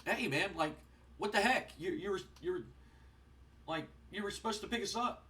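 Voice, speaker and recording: An annoyed wrestler friend, voiced by a man, casual and confronting in tone. The voice sits a little back from the mic and stays high. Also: moderate pace, sharp tone. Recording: voice distant from the mic.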